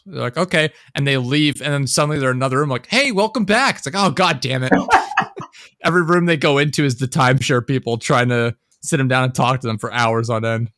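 A man's voice: mid-range voice, fairly even intonation, fast, few pauses, a bit bright, dry recording, studio quality. Young man ranting with a laugh. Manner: ranting, swears often, laughs while telling stories. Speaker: podcast co-host. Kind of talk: casual chat.

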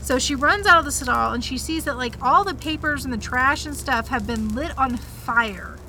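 A woman's voice: sits high, normal speed, bright, forceful tone, faint music behind. A woman hosting a podcast, retelling a story in a chatty casual way, full of likes and asides. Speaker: podcast host.

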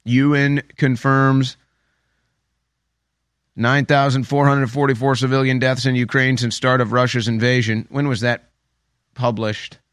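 A man's voice: medium pitch, little pitch movement, unhurried, long pauses, a bit bright, clean tone, no room sound. A man delivering a political commentary monologue in a mid-range voice. He talks emphatically and sarcastically, often repeating phrases for effect. It is recorded close and dry, with no room sound.

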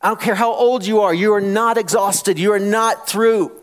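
High voiced guy preaching in church, reads scripture, throws questions at the crowd. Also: steady tone, moderate pace. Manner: call-and-response preaching, rising to loud challenges; reads scripture aloud with emphasis. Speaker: pastor. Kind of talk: sermon. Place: church with congregation.

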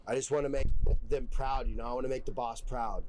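A man's voice: medium pitch, fairly even intonation, fairly quick, a little mellow. A young man telling stories casually as a podcast guest, rambling with heavy slang and swearing. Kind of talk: casual storytelling.

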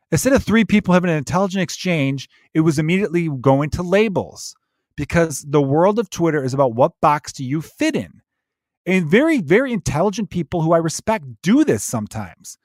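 A man's voice: fairly high pitch, big pitch swings, fairly quick, darkish tone, dry recording, clean studio sound. A man, a comedian, giving a profane, ranty and digressive podcast monologue.

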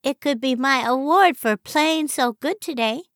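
A woman voicing an excited young boy who is eager and boastful in a storybook reading. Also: high voice, a little slow, no room sound, studio quality, pitched above the performer's own voice. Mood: pleading. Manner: loud, eager, pleading.

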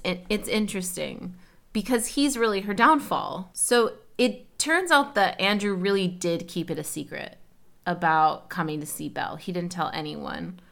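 A woman's voice: medium pitch, a bit bright. A young woman co-hosting a podcast, telling a story in a chatty, casual way and acting out quotes. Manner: chatty, lots of "like", acts out quotes. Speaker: podcast co-host.

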